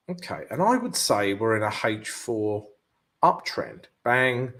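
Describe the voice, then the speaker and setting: A man hosts a live market analysis stream, thinking out loud over the charts. His pitch swings widely, bouncing up and down through each phrase around a middle register. He keeps tagging lines with "yeah?" and "guys", restarting phrases as he goes. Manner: peppers talk with "yeah" and "guys" tag questions. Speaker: forex trading channel host.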